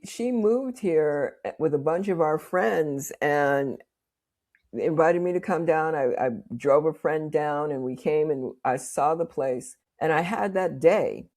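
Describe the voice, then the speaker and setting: A woman in her sixties, a minister from Boston, telling stories as an interview guest and acting out the dialogue. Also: low voice. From Boston, USA. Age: 60s. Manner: lively storyteller who acts out dialogue.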